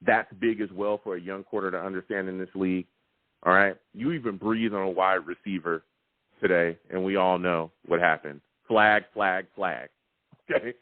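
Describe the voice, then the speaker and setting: A man hosting a live call-in sports podcast, talking emphatically and repeating himself with excitement. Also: low voice, moderate pace, no echo. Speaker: sports talk show host. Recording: tinny phone-like, dry sound.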